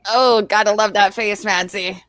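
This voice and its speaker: A woman's voice: medium pitch, fairly even intonation, normal speed, a bit bright, a little hiss or hum. A woman hosting a livestream, chatting easily and thanking viewers. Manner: easygoing, laughing, thanks viewers. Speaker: streamer host. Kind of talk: casual livestream chat.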